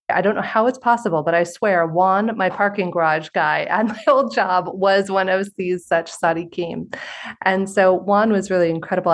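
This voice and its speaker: A woman hosting a spiritual interview podcast, telling stories in an earnest, animated way. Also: fairly low pitch. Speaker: podcast host. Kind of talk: conversational interview with storytelling.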